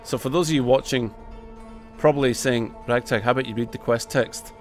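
A man hosting a let's play, giving excitable gameplay commentary, swearing and humming tunes over game music. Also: medium pitch, a little fast.

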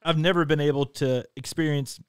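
An enthusiastic man co-hosting a relaxed travel chat, speaking earnestly. His voice is smooth and clear, recorded close and dry with no room sound. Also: a little high, brisk, no echo. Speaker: show co-host.

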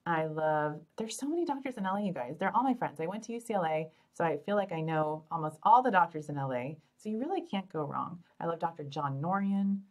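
A woman's voice: lowish voice, animated, fairly quick, few pauses, a little mellow. A middle-aged woman, a fertility doctor hosting a live Q&A, answering questions in an upbeat, joking, chatty way. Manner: upbeat, chatty, joking, addresses listeners as "you guys". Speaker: fertility doctor and show host.

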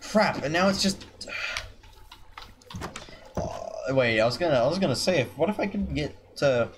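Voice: medium pitch, animated, moderate pace. A gamer doing let's-play commentary, swearing constantly and grumbling at the game's animals. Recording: noisy with keyboard clicks. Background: keyboard typing.

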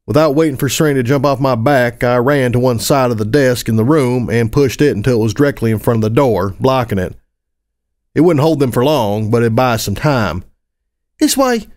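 Guy reading a rough first-person story, mid-pitched voice, swears casually, expressive. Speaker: audiobook narrator.

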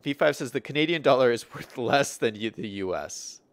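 A young Western US man plays a city-building game on stream, chatting in a lively, casual way and reading chat aloud, his speech full of fillers and restarts. His voice is mid-range at normal speed, with no room sound.

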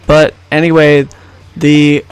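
A man's voice: on the high side, completely flat delivery, slow, clean tone, no echo. A man giving casual, rambling and jokey commentary over a baseball video game. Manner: rambling, jokey, self-correcting. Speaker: gaming YouTuber.

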